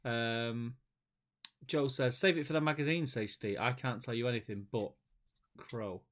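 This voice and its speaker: A man co-hosting a live stream in casual chat, reading viewer comments aloud in a relaxed, chatty way. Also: mid-range voice, unhurried. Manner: relaxed and chatty, calls his co-host mate. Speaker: stream co-host.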